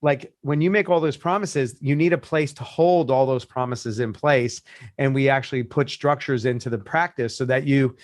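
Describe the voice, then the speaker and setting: A man's voice: mid-range voice, moderate pace, no room sound, studio quality. A man who coaches businesses, telling a story in casual podcast talk and acting out the people he quotes. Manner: animated storyteller, acts out quoted voices.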